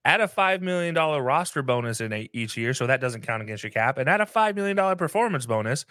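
Lively, emphatic man. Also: mid-range voice, fast talker, no echo, studio quality. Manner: emphatic, opinionated, repeats for emphasis. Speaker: sports podcast co-host. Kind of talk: casual sports talk.

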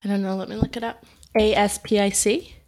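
A woman in casual chat as listener and co-host, cutting in with quick questions. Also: medium pitch, level tone, a little mellow. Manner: interrupts with quick questions, looks things up aloud.

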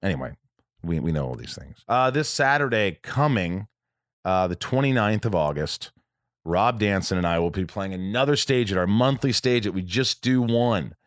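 Deep-voiced guy rambling on his podcast at home, keeps restarting sentences, dry close sound. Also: expressive, normal speed, no echo. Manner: rambling, lots of restarts and self-corrections. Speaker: podcast host. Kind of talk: casual podcast chat.

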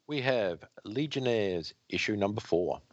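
A man co-hosting a podcast, reading and summarizing a comic book aloud in a plain, steady way. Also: on the low side, a little slow, dull audio, a little hiss or hum. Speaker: podcast co-host.

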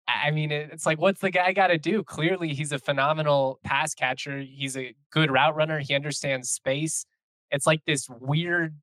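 Slightly higher-voiced man asking questions. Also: fairly bright tone, dry recording. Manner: conversational, asks questions and reacts. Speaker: podcast host. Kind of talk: casual sports chat.

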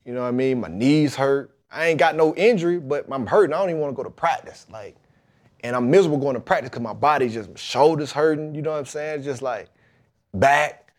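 Animated man telling a story. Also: medium pitch, brisk. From Mississippi, USA. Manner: animated storytelling, colloquial, acts out the voices of the people in his story. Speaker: guest, football player. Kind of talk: storytelling in a podcast interview.

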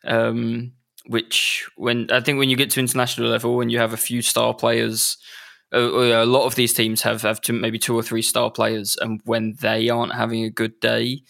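A man's voice: mid-range voice, completely flat delivery, moderate pace, gravelly, a bit bright. A man co-hosting a casual football chat, giving thoughtful, rambling analysis with many restarts. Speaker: podcast co-host.

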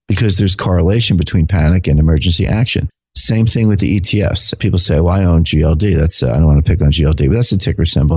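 A man with a very low, husky voice, talking through a topic as a podcast guest. He lectures in a measured way and poses rhetorical questions. The sound is dry and close. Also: a little mellow, no echo. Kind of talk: explanatory podcast talk.

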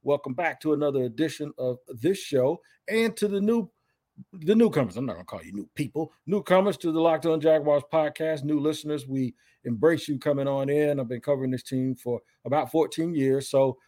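Energetic male sports podcast host. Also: on the high side, a little fast. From Jacksonville, Florida. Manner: energetic, chatty and upbeat. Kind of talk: casual sports podcast talk.

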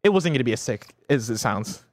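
A man's voice: medium pitch, lively intonation, quick pace, no room sound. A man co-hosting a gaming show, giving opinions in a rambling, casual way full of fillers. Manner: rambling, many fillers like "like" and "you know". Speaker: co-host. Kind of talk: casual chat.

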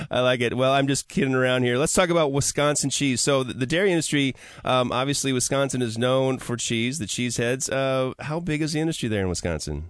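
A man's voice: medium pitch, lively intonation, a little fast, no echo. A man hosting a casual radio talk show from a studio, upbeat and chatty, laughing easily. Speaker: radio host.

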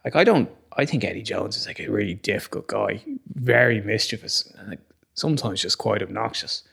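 Gravelly, blunt man. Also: on the low side, fairly quick, a bit bright. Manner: blunt, opinionated, sweary. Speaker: podcast co-host. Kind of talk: casual sports chat.

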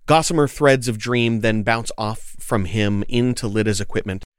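A man playing a tabletop game, describing his character's moves in an animated, casual way with some swearing. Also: lowish voice, moderate pace, smooth, no echo, clean studio sound. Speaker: player.

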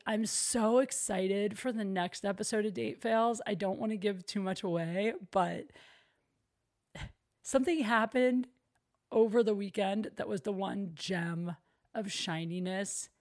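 A woman's voice: mid-range voice, darkish tone. Young woman, solo podcast host, casual rambling chat, self-mocking. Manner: chatty, self-deprecating, lots of "like". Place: her apartment.

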